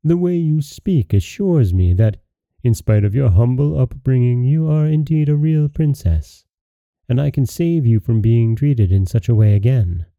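A man's voice: medium pitch, animated, a little slow, dark tone, dry recording, lo-fi sound. A regal fairy queen, as a man reads her. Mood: gracious.

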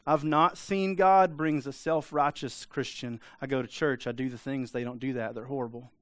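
A man's voice: medium pitch, steady tone, brisk, dry recording. A man preaching a sermon in a conversational way, often asking the congregation for an amen. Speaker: pastor.

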